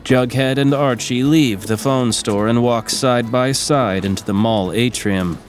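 A man narrates an audio drama in a steady, even voice of medium pitch. Faint music runs under him. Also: measured pace. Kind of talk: scripted narration.

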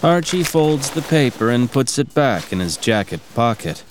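A man reading scripted narration for an audio drama in a steady, even way. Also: mid-range voice, normal speed, slight background noise. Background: music.

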